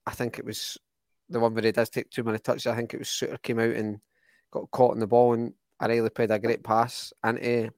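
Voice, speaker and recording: Brief: young Scottish podcast co-host, enthusiastic rambling match talk, dry close sound. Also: male voice, mid-range voice, flat delivery, fairly quick, a little mellow, no room sound. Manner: rambling, restarts often, enthusiastic. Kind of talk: casual football chat.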